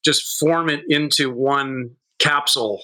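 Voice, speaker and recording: A man in his fifties tells wild stories as a guest on a chat show. He swears freely and acts out the voices in his anecdotes. His voice is bright and forceful at an ordinary pitch. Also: steady tone, takes it slowly, poor audio. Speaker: guest, bar owner. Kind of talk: casual storytelling chat.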